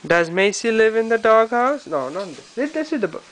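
A woman's voice: a little high, big pitch swings, normal speed, slight background noise, rough recording. A woman coaxing a baby to pick picture books, speaking in a sing-song voice and making animal sounds. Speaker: parent reading to a baby. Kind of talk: baby talk while reading picture books.

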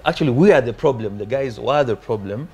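Ugandan actor guy on a tv chat, lively pitch, plays out his stories. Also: a little fast. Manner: animated storyteller, acts out quoted voices. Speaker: actor guest. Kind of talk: casual interview chat.

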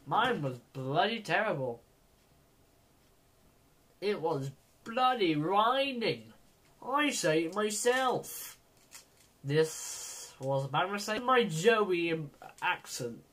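Brief: male vlogger talking through a game at a very unhurried pace, self-mocking, uneven volume. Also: high-pitched, very animated. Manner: rambling, self-mocking, swings from mumbling to loud outbursts. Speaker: gaming vlogger. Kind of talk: let's-play commentary.

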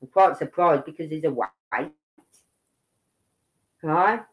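A woman's voice: sits low, slow, low-quality recording. A middle-aged woman from Birmingham with a Brummie accent, chatting rambly on a livestream and tagging her points with "right?". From Birmingham, England. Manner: chatty, rambling, keeps tagging "right?" and "you know what I mean". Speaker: livestream host. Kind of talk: casual livestream commentary.

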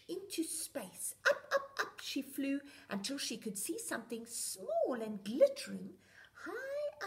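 Slow, sing-song woman storyteller. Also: sits high. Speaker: children's show storyteller. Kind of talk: storybook reading for young children.

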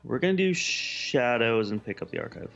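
A man's voice: mid-range voice, big pitch swings, normal speed, vocal fry, fairly bright tone, lo-fi sound, soft background music. A man co-hosting a casual show, playing a card game with goofy, sing-song jokes. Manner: goofy, sing-song riffing and repeated phrases. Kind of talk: casual game-play banter.

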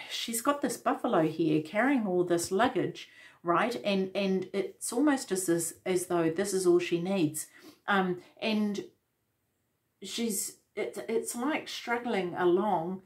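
A woman giving a casual tarot reading, gentle and reflective, with many fillers and restarts. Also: lowish voice. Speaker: tarot reader.

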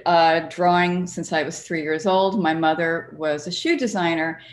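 A woman who cartoons and writes, speaking gushingly and tearfully with many pauses in a book talk. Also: fairly low pitch. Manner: gushing, tearful, hesitant with fillers. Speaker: cartoonist and author.

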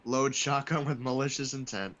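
A man in casual chat, reacting to memes with excitable outbursts and mumbled asides. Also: mid-range voice, normal speed, slight background noise. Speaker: co-host.

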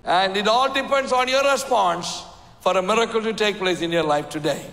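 Man, guest preacher, high bright voice, emphatic sermon, long church reverb. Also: normal speed. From India. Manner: emphatic preaching, asks the crowd "Amen?". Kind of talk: sermon with altar call and prayer. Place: church sanctuary. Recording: echoey reverberant hall.

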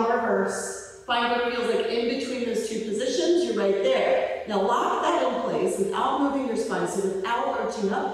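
Breathless woman coaching a floor workout. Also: mid-range voice. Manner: encouraging, counts reps aloud, cues breathing. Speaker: physical therapist leading home exercises. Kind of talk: guided exercise class instruction. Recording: echoey hall, voice far from mic.

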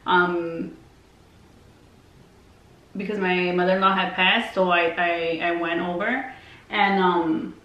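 With a lowish voice and flat delivery, she speaks slowly and pauses often, in lo-fi sound. The beauty vlogger rambles casually through a story full of fillers and swearing, captured on a distant mic in a roomy space with faint noise.

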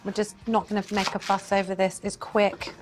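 A woman hosting a cooking show, chatting enthusiastically as she cooks and then asking quick-fire interview questions. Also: medium pitch, little pitch movement.

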